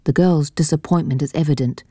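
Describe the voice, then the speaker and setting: Woman reading a story, low mellow voice, dry close recording. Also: husky, dry recording. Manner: measured, storytelling delivery. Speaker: narrator. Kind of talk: audiobook narration.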